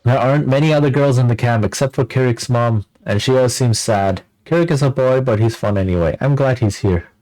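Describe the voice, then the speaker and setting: A man's voice: medium pitch, brisk, few pauses, warm tone, poor audio. A man streaming a fantasy role-playing game, reading dialogue aloud and reacting playfully. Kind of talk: casual let's-play commentary.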